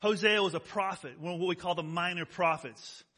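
A pastor preaches to his congregation in a high, bright, forceful voice, keeping it conversational. He slows down to stress key words and often poses rhetorical questions.

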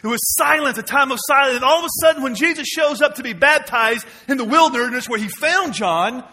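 A man, preaching a sermon to his church, moving between quiet low asides and loud emphatic questions. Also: animated, a little fast. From Mississippi, US. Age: 40s. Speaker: pastor. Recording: long reverb of a large hall.

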